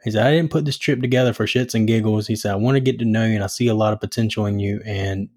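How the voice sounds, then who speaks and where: A young man hosting a casual chat, relaxed and rambling as he shares his own story. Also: fairly low pitch, fast.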